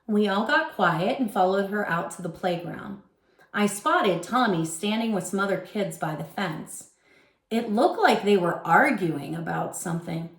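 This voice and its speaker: A woman guest reader reading a children's chapter book aloud with expressive storytelling. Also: medium pitch, a little slow, vocal fry, reverberant.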